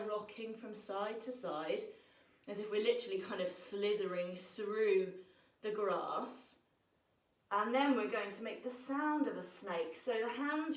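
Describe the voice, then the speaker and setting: A woman leading a children's yoga lesson, gentle and encouraging, telling a playful story as she guides the moves. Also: a little high, echoey room, distant mic, rough recording.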